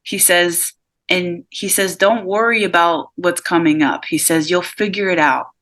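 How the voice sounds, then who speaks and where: A woman medium giving a live reading over a video call, relaying messages with a steady run of "he says" and many fillers. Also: fairly low pitch, a little slow. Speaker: psychic medium.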